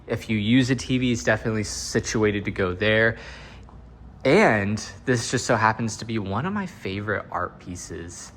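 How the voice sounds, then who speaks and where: A real estate agent leads a walkthrough of an empty house, his voice on the low side and a bit bright, over a slight hiss or hum. His narration is chatty and upbeat, sprinkled with jokes.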